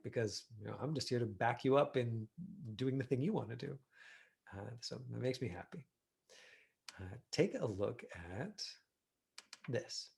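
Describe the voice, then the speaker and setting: A man's voice: mid-range voice, moderate pace, creaky, darkish tone. A middle-aged man teaching an online acting class, talking casually with many fillers as he reviews a student's self-tape. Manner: chatty, full of fillers and "you know".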